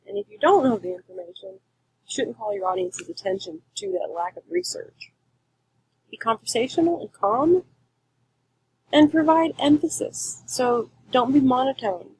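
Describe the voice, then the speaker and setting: A woman teaching a class, giving clear, emphatic instructions in a recorded lecture. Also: high-pitched, expressive, normal speed, darkish tone, poor audio.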